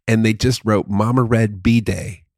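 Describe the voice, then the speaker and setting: Casual co-host, male, gravelly and low, loves a running gag. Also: fairly even intonation, a little slow, darkish tone, slight background noise. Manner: jokey, goes into comic bits and repeats them. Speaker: podcast co-host. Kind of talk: casual chat.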